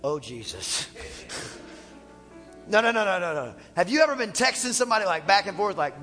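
Male pastor, bright forceful voice, playful animated sermon, church hall reverb, faint music behind. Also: high-pitched, moderate pace. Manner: animated, playful, acts out dialogue. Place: church sanctuary.

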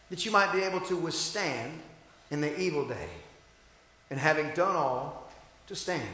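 A man preaching a sermon as pastor, leading call-and-response and swinging from shouted peaks to quiet asides. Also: a little high, expressive, normal speed, pauses often. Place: church sanctuary. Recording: echoey church hall.

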